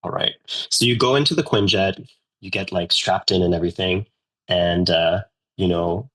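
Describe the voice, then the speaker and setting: A man's voice: deep voice, normal speed, fairly bright tone. A man narrating a tabletop game as game master, casual and rambling with lots of fillers.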